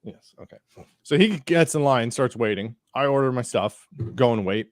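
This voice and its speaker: Guy rambling thru a story on a podcast, lots of likes and restarts, mid pitch, dead dry mic. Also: animated, moderate pace, dry recording. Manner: rambling anecdote with acted-out quotes, frequent likes and restarts. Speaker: podcast host. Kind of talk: casual chat, storytelling.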